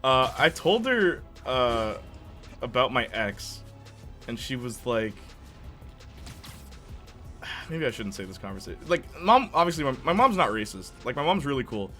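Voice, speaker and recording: A young man from Canada chats loosely with his viewers while he plays, rambling through fillers and laughing often. His voice sits at an ordinary middle pitch, and soft game music plays underneath. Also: sing-song, measured pace, long pauses. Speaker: gaming streamer chatting with viewers. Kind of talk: casual chat while playing a game.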